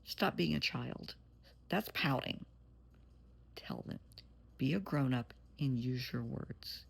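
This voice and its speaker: A woman's voice: very deep voice, slow, vocal fry, husky. A woman therapist giving an earnest, motherly pep talk straight to her viewers, blunt at times. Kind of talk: encouraging direct-to-camera talk.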